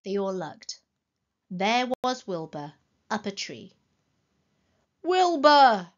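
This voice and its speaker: Slow, expressive woman reading aloud. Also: medium pitch, highs cut off. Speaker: children's story reader. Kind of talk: read-aloud storytelling.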